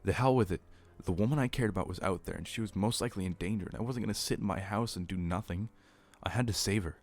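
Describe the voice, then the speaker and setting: A man reading a horror story aloud as narrator, steady and earnest. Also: low voice, fast talker.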